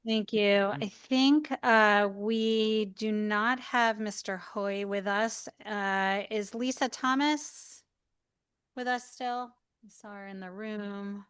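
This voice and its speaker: A woman's voice: medium pitch, steady tone, slow pace, fairly bright tone, smooth, dry recording, studio quality. A woman chairing a legislative committee hearing, courteous and procedural.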